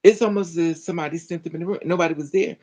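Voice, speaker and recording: A woman recounting a personal story in an animated, dramatic way, full of colloquial slang. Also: on the low side, very fast, poor audio. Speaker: storyteller vlogger.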